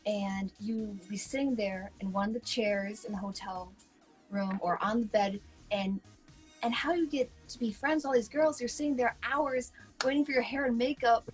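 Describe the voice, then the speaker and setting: Animated woman telling pageant-style stories. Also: a little high, moderate pace, faint music behind, poor audio. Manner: animated storyteller who acts out quoted voices. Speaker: co-host. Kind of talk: casual chat.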